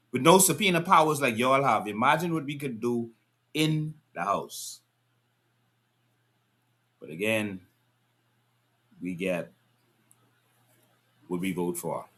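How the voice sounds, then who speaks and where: A man giving casual political commentary to his viewers, firing off rhetorical questions and scolding in an exasperated, animated way. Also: medium pitch, takes it slowly, pauses often.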